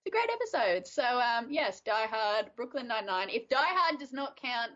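Giggly woman chatting, kinda high voice, muffled lo-fi audio. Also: moderate pace. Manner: giggly, animated storytelling. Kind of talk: casual chat. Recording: dull lo-fi audio.

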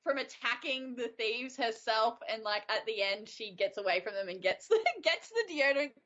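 A woman co-hosting a casual chat, retelling a story in an animated way with frequent giggles. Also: fairly high pitch, normal speed, noisy background. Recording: dull lo-fi audio.

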